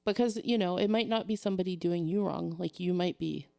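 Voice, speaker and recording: A woman co-hosting a casual podcast chat, chatty and quick to laugh, swearing casually. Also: on the low side, gravelly, dark tone, no room sound, clean studio sound. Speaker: podcast co-host.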